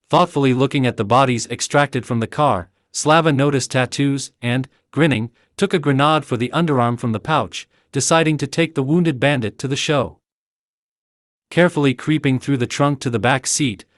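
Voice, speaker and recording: Male audiobook narrator, mid pitch, steady even read, dry close sound. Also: no room sound. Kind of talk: scripted narration.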